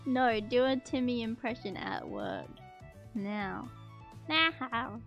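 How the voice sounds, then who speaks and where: A woman's voice: on the high side, huge pitch swings, slow, creaky, dull audio, soft background music. A woman streamer chatting casually to her viewers, playful and teasing, often giggling. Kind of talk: casual live-stream chat.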